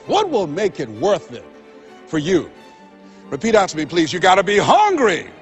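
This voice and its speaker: A man giving a motivational speech, telling stories and swinging between loud exhortation and hushed, confessional moments. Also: high voice, sing-song, normal speed, muffled recording, faint music behind. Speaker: motivational speaker.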